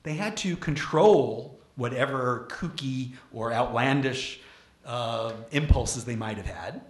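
A man from Brooklyn gives an animated public lecture in a roomy, echoing hall. His voice sits at an ordinary pitch, and he keeps tossing questions out to the listeners and restarting his sentences as he thinks aloud. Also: takes it slowly. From Brooklyn, New York. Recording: echoey lecture room.

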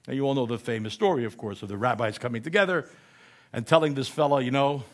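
A man's voice: mid-range voice, animated, fast talker. A man giving a humorous lecture in a conversational way, often asking "right?" and correcting himself mid-word.

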